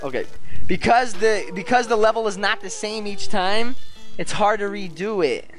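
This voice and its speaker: Goofy, playful dad gaming host. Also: male voice, high-pitched, moderate pace, fairly bright tone, faint music behind. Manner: playful, goofy, teasing banter. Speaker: gaming video host playing with his young son. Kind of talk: casual gameplay commentary.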